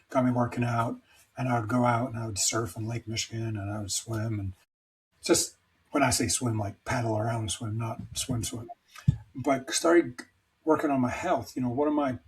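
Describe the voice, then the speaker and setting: A man's voice: mid-range voice, slight background noise, rough recording. A middle-aged man talking as a podcast guest, telling personal stories in a rambling, emphatic, self-deprecating way. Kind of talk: candid conversational storytelling.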